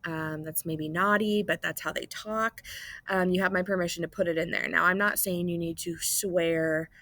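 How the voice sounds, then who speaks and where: A woman's voice: fairly low pitch, fairly even intonation, normal speed, a bit bright, no echo. A woman teacher talking students through a writing lesson in a casual, explanatory way, often checking in with "okay?" and "right?", recorded on a computer mic.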